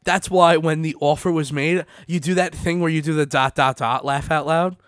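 A man's voice: on the high side, steady tone, normal speed, fairly bright tone, smooth, no room sound, clean studio sound. A young man co-hosting a podcast, joking and swearing in casual, defensive banter. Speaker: podcast co-host.

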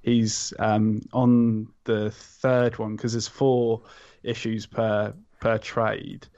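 Gravelly podcast guest, halting delivery full of ums; dull lo-fi recording. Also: male voice, on the low side, flat delivery, a little mellow. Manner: hesitant, many ums and restarts. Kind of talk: casual chat recommending a comic. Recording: slightly dull lo-fi sound.

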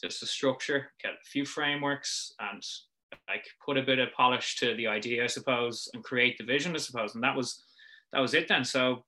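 A man's voice: mid-range voice, moderate pace, sharp tone. A young adult Irish man, a business founder, chatting as a guest in a casual rambling way with many fillers. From Ireland. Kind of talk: casual chat, storytelling.

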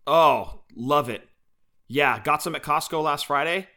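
A young man co-hosts a casual podcast, chatty and playful as he tells stories. His voice is bright and forceful and sits a little high. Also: a little slow. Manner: chatty, playful, animated storyteller. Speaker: podcast co-host. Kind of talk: casual chat.

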